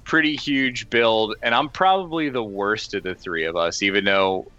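A man on a podcast chatting casually, halting and stumbling over his words. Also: fairly low pitch, bright, forceful tone, no room sound. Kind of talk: casual chat. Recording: dull, dry, lo-fi sound.

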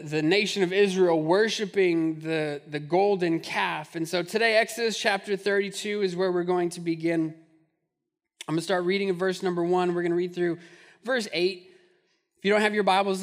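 A man in his thirties preaching a sermon in a church, animated and jokey, acting out the people in the scripture. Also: high voice. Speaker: pastor.

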